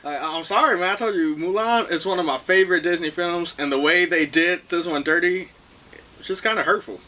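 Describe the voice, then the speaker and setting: A man's voice: sits high, brisk, pushed and bright. A young man co-hosting a casual movie review podcast, blunt and dry, with plenty of "like" fillers. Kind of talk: casual chat.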